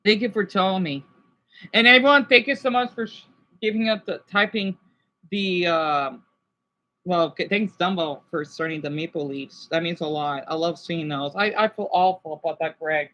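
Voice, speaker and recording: A man on a casual livestream, talking to his chat in a halting, rambling, sympathetic way with many restarts. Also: sits high, sharp tone, muffled recording. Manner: sympathetic and emotional.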